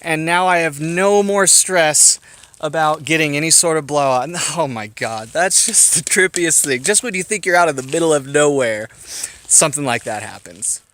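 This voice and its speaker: A man's voice: fairly high pitch, normal speed. Chatty man vlogging outdoors. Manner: excitable, chatty storyteller. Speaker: bicycle touring vlogger. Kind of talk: casual vlog narration. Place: outdoors on a mountain bike route.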